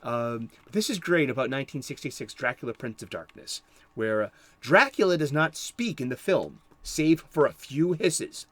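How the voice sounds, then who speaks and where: A man's voice: mid-range voice, big pitch swings, normal speed, fairly bright tone, no room sound. A man giving casual commentary on horror movies, rambling and chuckling, with many restarts.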